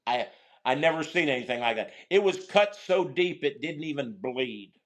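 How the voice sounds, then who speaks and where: A man's voice: medium pitch, animated. Rambling middle-aged man telling stories. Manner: rambling, halting, many restarts and fillers. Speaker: guest, former prisoner. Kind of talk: casual storytelling interview.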